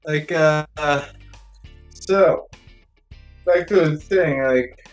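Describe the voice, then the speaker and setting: A young man co-hosting a casual podcast, talking haltingly with lots of fillers. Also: fairly high pitch. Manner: halting, filler-heavy, slow to find words. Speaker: podcast co-host. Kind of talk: casual chat. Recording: dull lo-fi podcast audio with faint music.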